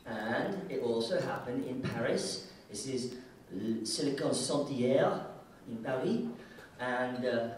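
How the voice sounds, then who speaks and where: Male keynote speaker, irreverent and jokey, booming hall echo with faint room noise. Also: animated, slow. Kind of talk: conference keynote talk. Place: large conference hall. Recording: echoey hall, mic heard from far off.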